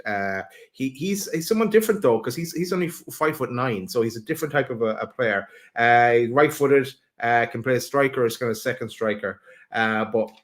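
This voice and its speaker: A man's voice: medium pitch, fairly bright tone. A man co-hosting a casual football podcast, talking through transfer wishes with many fillers and restarts. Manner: hesitant, many fillers and restarts, laughs at own picks. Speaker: podcast co-host. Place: home, remote live stream. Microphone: video call mic.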